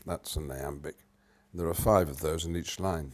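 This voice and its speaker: An older man from Britain, an actor in an interview, explaining with animated swings between loud and soft and humming rhythms as he goes. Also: rumbling low, normal speed, hardly any pauses.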